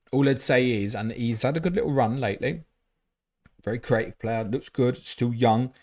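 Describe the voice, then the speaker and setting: A man hosting a live fantasy football stream, reading out chat questions and answering them bluntly, with casual swearing. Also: fairly low pitch. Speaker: fantasy football livestream host.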